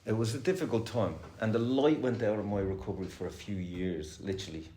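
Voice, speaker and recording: Here a middle-aged man talks fast and warmly in a low-pitched, expressive voice, barely pausing. His share at a recovery meeting is rambling, honest and full of swearing, recorded in an echoey room with faint noise.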